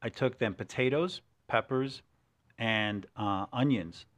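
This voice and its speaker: A man in casual podcast chat, telling stories with lively restarts and put-on quotes. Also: mid-range voice, slow pace. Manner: animated storyteller, many restarts.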